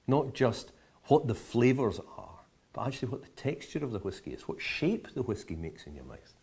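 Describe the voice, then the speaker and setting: Husky man explaining with relish. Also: mid-range voice, big pitch swings, normal speed, a little mellow. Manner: enthusiastic, vivid comparisons, playful asides. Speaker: whisky educator. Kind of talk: explanatory tasting talk.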